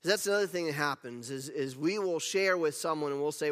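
Male pastor, middle-aged, high voice, emphatic sermon delivery, long hall reverb. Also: animated, normal speed, few pauses, fairly bright tone. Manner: earnest, emphatic preaching with self-deprecating asides.

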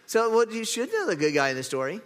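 A man's voice: sits high, a bit bright, in a large hall. A man preaching a sermon, chatty and self-correcting, joking with the congregation. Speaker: pastor. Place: church sanctuary.

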